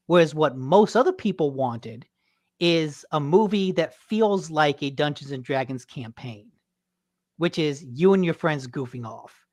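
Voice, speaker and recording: A woman co-hosting a podcast, ranting and cursing freely in casual chat. Her voice sits on the low side and swings widely in pitch as she gets worked up. The sound is dry and close. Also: no echo. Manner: animated, ranting, swears freely. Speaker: podcast co-host.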